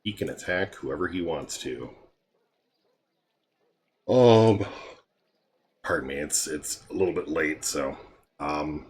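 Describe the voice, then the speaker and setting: A tired, yawning man casually walking through a mobile game's heroes, relaxed and meandering with frequent ums. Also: very deep voice, a little hiss or hum. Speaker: game guide creator. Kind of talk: casual game walkthrough commentary.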